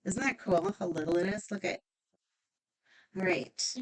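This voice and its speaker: A woman's voice: fairly low pitch, measured pace, breathy edge, poor audio. A woman demonstrating a stamping craft project, chatty and upbeat, thinking aloud as she works.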